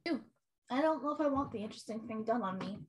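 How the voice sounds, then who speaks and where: A woman with a high voice that swoops up and down calls out her moves in a tabletop game. She is playful, giggly and teasing. Her tone is a little breathy. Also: animated, fast, darkish tone. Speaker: player. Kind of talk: casual play at the table.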